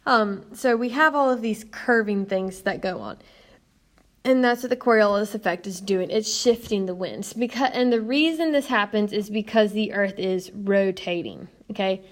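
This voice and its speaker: Speaking at a moderate pace in a medium-pitched voice, a young woman teaches science in a recorded classroom lecture. She talks straight to her students in a chatty, upbeat manner.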